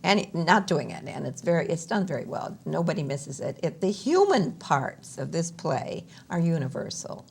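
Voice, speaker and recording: A woman's voice: low-pitched, sing-song, moderate pace, creaky, few pauses, darkish tone, a little hiss or hum. A woman stage actor speaking emphatically in a conversational interview, often rephrasing as she goes.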